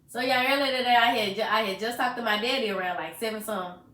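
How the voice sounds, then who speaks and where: A woman's voice: a little high, fast talker, a little hiss or hum. A young woman from Arkansas, casually and animatedly retelling a painful story to her co-host and acting out what people said. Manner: animated retelling, acts out quoted voices, swears freely. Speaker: podcast co-host. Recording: roomy echo.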